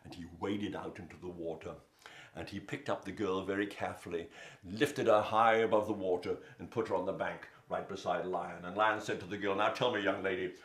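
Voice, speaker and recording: Telling a story to children, a man delivers it animatedly and invites them to join in with sounds and moves. His voice is low-pitched and fairly quick, in an echoey room.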